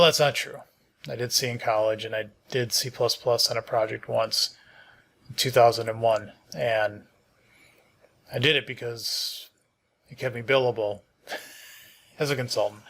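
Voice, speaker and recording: On a casual programming stream, a middle-aged host with a creaky, medium-pitched voice sounds sleepy and keeps yawning. He reads documentation aloud and thinks out loud, full of fillers and restarts.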